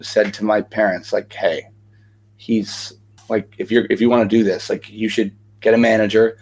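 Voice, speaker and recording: Energetic chatty young man. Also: fairly low pitch, normal speed, slightly rough. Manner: energetic, chatty storyteller with many fillers. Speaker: podcast guest, actor and singer. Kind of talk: casual interview chat.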